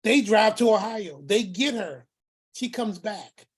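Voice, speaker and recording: A man's voice: high voice, lively intonation, takes it slowly, slightly rough. A man telling a family story as the uncle in it, acting out each person's words and repeating phrases for emphasis. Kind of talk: storytelling talk.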